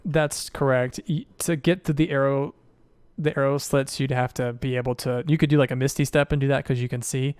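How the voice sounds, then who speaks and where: A man running a tabletop game as game master, calling out dice results and narrating what happens in a relaxed, matter-of-fact way. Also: medium pitch, brisk, clear, resonant tone, dry recording.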